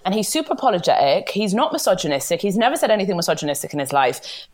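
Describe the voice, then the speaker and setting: Animated, blunt young woman. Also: fairly low pitch, very fast. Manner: blunt, animated storytelling with swearing. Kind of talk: candid casual chat.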